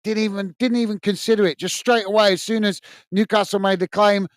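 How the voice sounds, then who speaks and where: A man's voice: high voice, fairly even intonation, fairly quick, no echo. A man hosting a live football watch-along, reading out viewers' chat messages and complaining about the referee's bias. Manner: indignant ranting about the referee with chatty asides.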